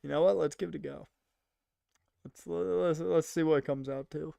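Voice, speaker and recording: A man's voice: on the high side, fairly even intonation, normal speed, gravelly, mellow, dry recording. A young man rambling casually to his chat while streaming a game. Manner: rambling, chatty, talks to chat.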